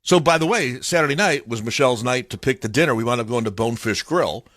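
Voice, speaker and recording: A man from Chicago hosting a morning radio show, chatting casually in an animated, storytelling way at a studio mic. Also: mid-range voice, fast talker, no echo. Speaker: radio host. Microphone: studio microphone.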